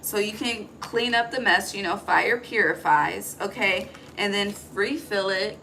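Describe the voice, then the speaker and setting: A woman reads tarot in a loose, chatty way, cursing casually and checking in with her listeners. Her voice is bright and forward. It is recorded on a phone with a faint hiss underneath. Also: mid-range voice, measured pace, creaky, hardly any pauses, poor audio. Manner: chatty, profane, asks "okay?" often. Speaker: tarot reader. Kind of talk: casual intuitive tarot reading.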